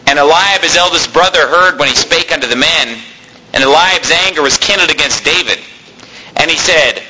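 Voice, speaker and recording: High, bright-voiced male preacher. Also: animated, moderate pace, a little hiss or hum, low-quality recording. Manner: reads scripture aloud then explains it plainly; urgent, emphatic preaching. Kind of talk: sermon.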